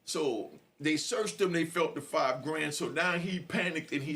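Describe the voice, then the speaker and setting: A middle-aged man, a podcast host telling a street story in an animated, slangy way. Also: fairly high pitch, measured pace, few pauses. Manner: animated, slangy, frequent "you know".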